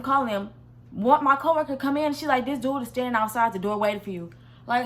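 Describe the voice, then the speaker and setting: A young woman from Missouri telling a casual storytime vlog in a slangy, animated way, with quick restarts and an exasperated tone. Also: a little high. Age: young adult. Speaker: vlogger.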